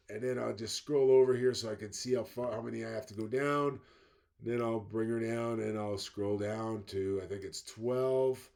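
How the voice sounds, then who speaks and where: Guy with a gravelly voice walking thru steps on screen, lots of uh's and restarts. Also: on the low side, darkish tone. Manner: thinking aloud step by step, halting with fillers. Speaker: instructor. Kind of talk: screen-recorded walkthrough.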